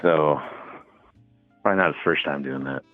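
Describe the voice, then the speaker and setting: Deep-voiced man on a tinny phone line. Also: normal speed, soft background music. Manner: laid-back storytelling with fillers. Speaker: caller. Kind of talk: casual phone call.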